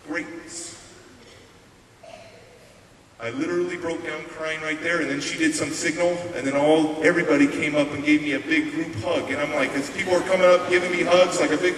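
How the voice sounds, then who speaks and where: A fairly high-voiced man delivers a live motivational talk. He tells his story with animated emphasis and drives points home by repeating them. The sound is roomy and distant, with a faint hiss under it. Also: fairly quick. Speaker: motivational speaker. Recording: echoey hall from far off, faint hiss.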